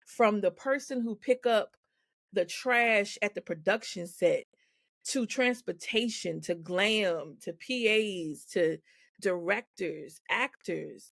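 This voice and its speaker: A woman's voice: medium pitch, takes it slowly, creaky, no room sound, studio quality. A woman guest on a podcast, speaking frankly and with animation, laughing often as she tells her story. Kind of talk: candid conversational storytelling. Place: podcast recording.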